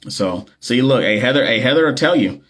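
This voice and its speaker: A man's voice: medium pitch, lively intonation, brisk, a bit bright. A man who works as a nurse and coach, chatting loosely with viewers on a phone livestream, full of slang, jokes and fillers. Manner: loose, slangy and joking, with many fillers and repeats. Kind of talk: casual livestream chat with viewers.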